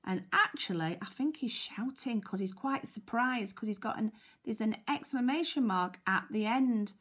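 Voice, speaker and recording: Her voice sits a little high, somewhat bright with a breathy edge. As a primary school teacher with a British accent, she reads a picture book to young children at a slow, sing-song pace, sounding out letters and asking questions.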